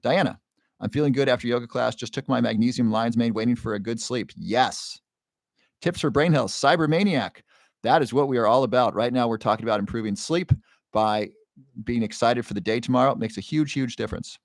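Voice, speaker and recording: A man hosting a live stream, reading viewer comments and coaching them with quick, earnest questions. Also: medium pitch, creaky, dry recording, studio quality. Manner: encouraging, coaching with rapid questions; earnest, emotional at times. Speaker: livestream host.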